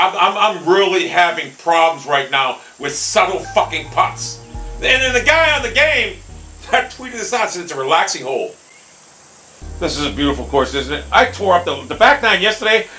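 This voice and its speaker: A young man commentating his own golf video game, hot-tempered and swearing constantly, often bursting into angry shouts. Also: a little high, animated, normal speed, faint music behind, poor audio. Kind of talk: live gameplay commentary.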